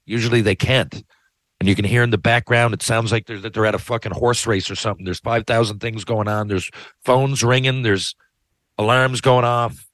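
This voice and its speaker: A man's voice: mid-range voice, fairly bright tone, dry recording. Man, heated sweary rant, lots of restarts, dry close sound. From Canada. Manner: profane, heated, rambling with many restarts. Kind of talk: ranting monologue.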